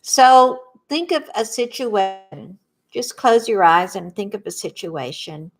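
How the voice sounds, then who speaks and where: A middle-aged woman with a Southern accent guides a tapping workshop in a slow, soothing cadence. She leaves room for listeners to echo her phrases. Her pitch sits in a middling range. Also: soft background music. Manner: slow, soothing, lets viewers repeat after her.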